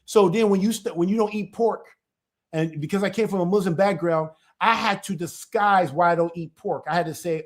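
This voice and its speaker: A man, a church elder, talking through an informal teaching in a lively way, often repeating himself and asking "right?". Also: sits high, normal speed. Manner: animated, keeps checking in with "right?"; repetitive, stumbles and restarts.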